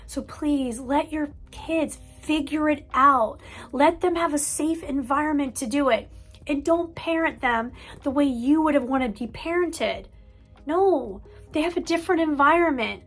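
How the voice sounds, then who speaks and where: An earnest woman counselor explains parenting lessons in an emphatic way, often repeating a word for weight. Her voice sits high in the female range. Faint music plays softly underneath. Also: measured pace. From United States. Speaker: mental health counselor. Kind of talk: parent-coaching talk.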